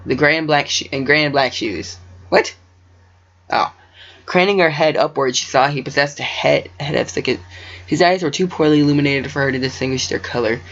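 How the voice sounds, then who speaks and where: A man's voice: fairly high pitch, normal speed, a bit bright. A man reading his own story aloud, stumbling over words and breaking off into joking asides. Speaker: amateur story reader. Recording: dull lo-fi recording.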